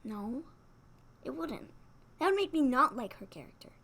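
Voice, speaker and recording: Bright, high-voiced excitable woman. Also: moderate pace. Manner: excitable, animated storyteller, fillers of "like". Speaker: co-host. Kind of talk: casual wrestling recap chat.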